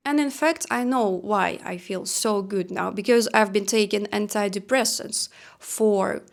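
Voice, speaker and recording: Slow, reflective Russian-accented woman. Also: medium pitch, gravelly. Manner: reflective, unhurried, self-deprecating. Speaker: vlogger. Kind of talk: personal vlog monologue.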